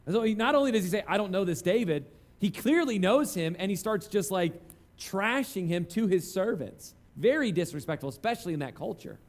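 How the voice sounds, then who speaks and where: Man, pastor, high-pitched voice, chatty sermon with personal stories. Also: expressive, brisk. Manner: conversational, self-deprecating storytelling.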